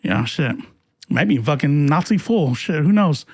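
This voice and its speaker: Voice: mid-range voice, lively intonation, unhurried, darkish tone, breathy edge, dry recording, clean studio sound. A political commentary host ranting to a live chat in a profane, combative way.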